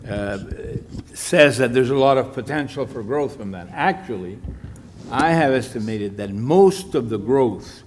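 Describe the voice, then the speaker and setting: Lowish-voiced guy on a conference panel, measured academic answers, lots of uhs, faint hiss behind. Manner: measured, academic, with frequent uh fillers.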